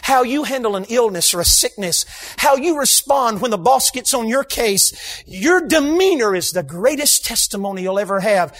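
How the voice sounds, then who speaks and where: A man preaching a sermon in a church, emphatic, bursting into shouts for emphasis and slipping in humorous asides. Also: extremely high pitch, lively intonation, moderate pace. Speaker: guest preacher. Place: church sanctuary.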